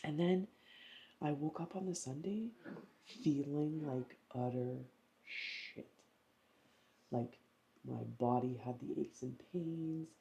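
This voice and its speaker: A woman's voice: sits low, slow, long pauses, dark tone, slight background noise. A woman vlogger chatting casually at home, rambling through a story with lots of fillers. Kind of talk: casual vlog chat.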